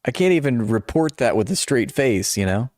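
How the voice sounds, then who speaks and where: A man's voice: medium pitch, expressive, moderate pace, darkish tone, no room sound, studio quality. A man running a live-stream commentary, reading articles aloud and breaking off into sarcastic, mocking asides.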